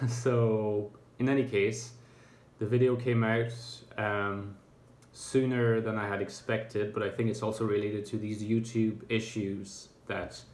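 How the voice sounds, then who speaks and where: A man's voice: lowish voice, slight background noise. A man talking to camera in a reflective, casual monologue, thoughtful and hesitant, with many fillers and restarts. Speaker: YouTuber. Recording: echoey room.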